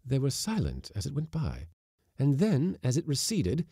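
A man reading a classic short story aloud with expressive, dramatic delivery. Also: medium pitch, normal speed, breathy edge, no room sound, clean studio sound.

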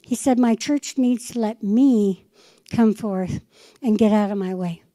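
A woman's voice: mid-range voice, measured pace, mellow, no echo, rough recording. A middle-aged woman pastor preaching a fervent sermon, acting out conversations with the Lord. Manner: fervent, quotes the Lord in dialogue.

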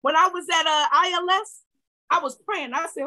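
A woman's voice: extremely high pitch, moderate pace, low-quality recording. Fiery woman pastor preaching in bursts. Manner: fervent preaching, swings from shouting to quiet asides. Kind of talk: sermon.

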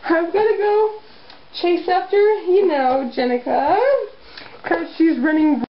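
A woman's voice: very high voice, steady tone, takes it slowly, slight background noise. A woman hosting a doll play video, chatting and giggling as she narrates the scenes. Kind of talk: playing with dolls and narrating. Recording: dull home video recording.

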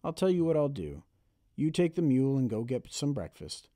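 A man reading an audiobook, voicing a patient rural father who speaks in a slow, calm, gentle way. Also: medium pitch, no echo, clean studio sound, voice pushed up, natural voice. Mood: calm fatherly.

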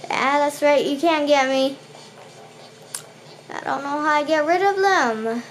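High-pitched woman in panicked game commentary. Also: a little slow. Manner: panicky, repeats words in bursts; talks to the game's enemies. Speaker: gaming channel host. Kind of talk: let's play commentary.

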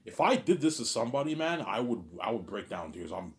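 A man talking alone in an intense, repetitive, rambling monologue, often trailing off quietly and swearing. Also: lowish voice, very animated, a little fast. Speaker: vlogger.

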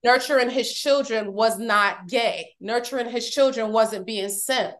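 A woman's voice: fairly high pitch, measured pace. Heartfelt woman guest, earnest storytelling. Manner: heartfelt, emphatic, gets emotional. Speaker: podcast guest. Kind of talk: candid personal storytelling.

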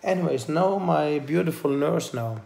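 A man talking to camera in a casual personal vlog, halting with many pauses and fillers, tender and emotional. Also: a little high, lively intonation, gravelly, mellow. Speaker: vlogger. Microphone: handheld camera. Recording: echoey room.

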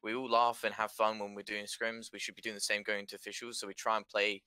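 A man's voice: on the low side, level tone, fast, pushed and bright, smooth, dry recording. A man answering interview questions about his esports team in an earnest, thoughtful way.

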